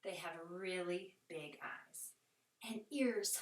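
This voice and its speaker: A woman teaching a playful children's yoga session, talking in a sing-song voice that sometimes drops to soft whispers. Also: fairly low pitch, slow pace. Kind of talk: guided kids' yoga with animal play. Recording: echoey room, voice from a distance.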